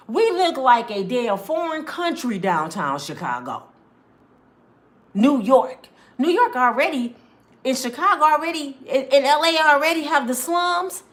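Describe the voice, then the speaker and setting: A woman's voice: high-pitched, fairly bright tone. A woman, ranting angrily to camera, swearing and repeating herself. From Michigan, US. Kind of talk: angry personal rant.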